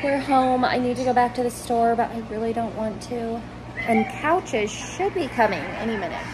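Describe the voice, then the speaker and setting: A woman's voice: fairly high pitch, normal speed, noisy background. A woman vlogging casually about her day, a mom rambling through stories with lots of "like" and "freaking". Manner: rambling, breathless storytelling with "like" and "freaking". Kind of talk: casual chatty vlog. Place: home, car and store.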